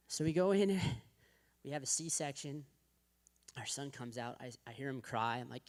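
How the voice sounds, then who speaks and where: A man's voice: a little high, fairly quick. A man in his thirties giving a personal testimony at a church men's breakfast, talking conversationally with lots of "like" fillers and restarts, and acting out the voices of people in his story. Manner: acts out quoted voices of his wife and the doctor.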